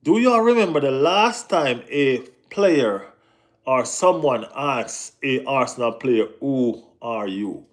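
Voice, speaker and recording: Guy chatting football on a live stream, slangy, animated, keeps repeating himself, middle pitch. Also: slow pace. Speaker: football channel host. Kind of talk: casual live-stream chat.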